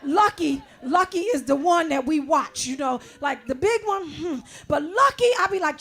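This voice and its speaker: A middle-aged woman doing a bawdy stand-up set, chatty and swinging from loud outbursts to low asides. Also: lively intonation, moderate pace, hardly any pauses. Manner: bawdy, conversational, swings between loud shouting and low mutters. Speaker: stand-up comedian.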